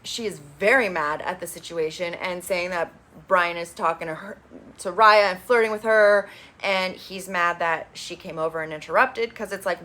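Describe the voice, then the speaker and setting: A woman casually recaps a reality dating show in a lowish, bright, forceful voice at a moderate pace. Her talk is chatty and full of opinions, with offhand swearing.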